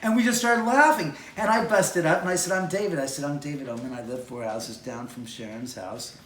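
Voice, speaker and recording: Give me a lively man with a slightly high voice, picked up from far off with a roomy echo, acting out the voices in his outdoor story. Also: fairly quick, a little hiss or hum. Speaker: homeowner and film producer. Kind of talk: casual anecdote told on location. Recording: echoey, distant, with faint outdoor ambience.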